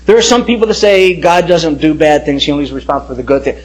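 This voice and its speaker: Impassioned high-voiced pastor giving testimony. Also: male voice, lively intonation, fast, rough recording. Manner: emphatic, impassioned storytelling. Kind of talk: personal testimony sermon.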